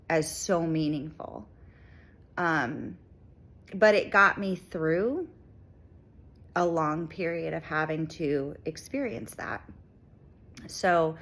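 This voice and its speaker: A middle-aged woman speaking earnestly and reflectively to viewers, pausing often with ums as she shares a personal message. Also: low voice, vocal fry. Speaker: channel host. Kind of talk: personal heartfelt talk to viewers.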